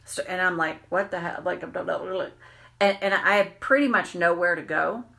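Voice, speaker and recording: A woman coaching on tapping, telling candid, animated stories and swearing freely. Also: fairly low pitch, normal speed, vocal fry. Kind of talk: casual storytelling monologue.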